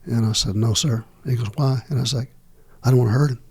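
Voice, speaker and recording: A middle-aged man, a podcast guest telling long stories slowly, with many fillers and restarts. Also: mid-range voice, steady tone, a little mellow, husky. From United States. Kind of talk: long-form interview storytelling.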